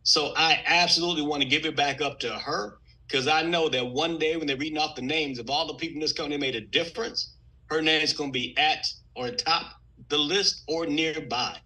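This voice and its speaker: A man from Texas, giving an energetic, emphatic sales pitch on a video call. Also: a little fast, poor audio. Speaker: business presenter on a video call.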